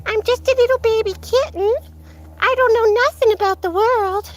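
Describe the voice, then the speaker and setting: A woman's voice: very high voice, normal speed, pitched above the performer's own voice. A woman voicing a sweet, innocent baby male kitten in a babyish, sing-song way.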